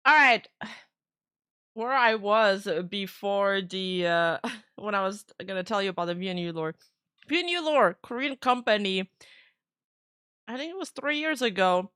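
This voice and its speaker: Giggly woman streamer, bright and a touch high, dry close mic. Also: expressive, a little slow, long pauses, clear, resonant tone, no echo. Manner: giggly, chatty. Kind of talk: casual reaction commentary.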